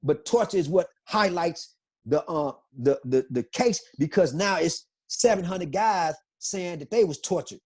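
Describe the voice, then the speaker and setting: A man's voice: on the high side, expressive, measured pace, darkish tone, slightly rough. A middle-aged man, a guest on an interview podcast, telling his story in an emphatic, repetitive, impassioned way.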